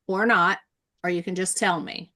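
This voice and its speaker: A woman's voice: on the low side, steady tone, moderate pace, sharp tone. A woman coach running an online workshop, asking the group to share and telling her own story in an encouraging way. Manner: encouraging, asks the group questions. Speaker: coach leading a workshop session.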